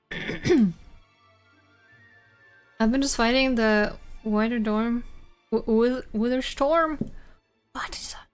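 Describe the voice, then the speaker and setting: Young woman streamer, unhurried, clear tone; casual chat with chat, halting, giggly. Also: fairly high pitch, soft background music. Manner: halting, full of restarts and fillers, giggly. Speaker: streamer chatting with viewers.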